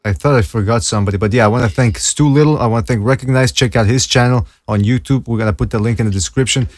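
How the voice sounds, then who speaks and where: A man's voice: mid-range voice, fast. A man hosting a casual podcast, laid-back and thanking his guests by name. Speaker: podcast host. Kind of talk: casual chat.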